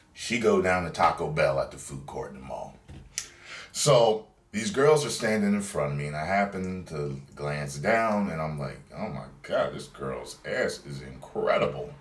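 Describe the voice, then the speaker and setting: A man's voice: sits low, fairly bright tone. A young man vlogging, telling a story in a laid-back, profane, chatty way. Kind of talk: casual storytelling. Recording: roomy sound, distant from mic.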